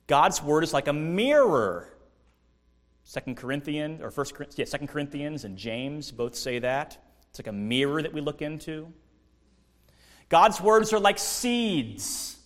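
Slow, lively-voiced male preacher. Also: medium pitch, big-room sound. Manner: slow, deliberate teaching, asks the congregation questions. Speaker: pastor. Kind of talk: sermon.

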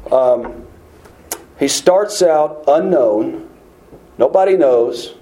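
A man preaching through scripture in a relaxed, conversational manner. His voice sits high but sounds mellow and warm. He often stops to ask his listeners rhetorical questions. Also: low-quality recording. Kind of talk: bible teaching sermon.

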